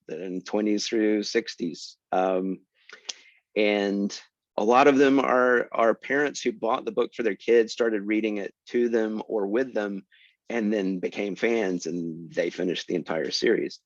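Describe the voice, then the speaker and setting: A man telling a story as a guest author, animated and self-mocking, with sudden jumps in pitch for emphasis, heard over a video call. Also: a little slow, no room sound. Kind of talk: casual storytelling talk. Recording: dry, muffled lo-fi.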